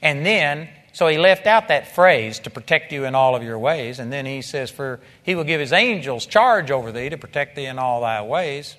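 A man's voice: medium pitch, animated, normal speed, hardly any pauses, fairly bright tone. A man preaching a sermon to a congregation, impassioned and repetitive, building to emphatic peaks. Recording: long reverb of a large hall.

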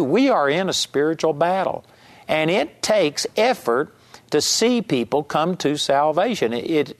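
A man preaching a sermon, urging his listeners with emphatic, repeated exhortations. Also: a little high. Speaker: Bible teacher. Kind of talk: sermon teaching.

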